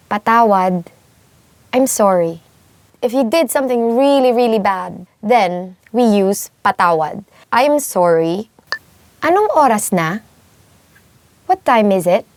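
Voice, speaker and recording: A young woman from the Philippines teaches everyday phrases in a patient, playful way, acting out little scenes to explain them. Her voice sits a little high. The recording is close and dry, with no room sound. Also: no room sound. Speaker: language teacher. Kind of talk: friendly language lesson.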